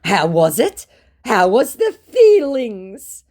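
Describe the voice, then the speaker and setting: Woman putting on a high, slow, pleading old man, broken English, clingy scammer. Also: wildly swooping pitch, darkish tone, full character voice. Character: pleading older male romance scammer.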